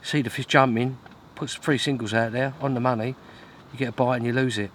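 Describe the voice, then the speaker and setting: A man's voice: medium pitch, steady tone, fairly quick, a bit bright. A man vlogging outdoors by a lake, talking casually to camera with a chatty, self-mocking tone and plenty of grumbling asides. His voice sits in a middle register, and faint wind noise drifts in behind him. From Britain. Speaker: fishing vlogger.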